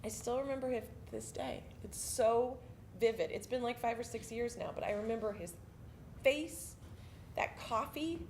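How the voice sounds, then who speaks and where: A woman's voice: a little high, moderate pace, a little hiss or hum. A woman army veteran telling a story about basic training on a theatre stage, casual and profane. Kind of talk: spoken monologue performance.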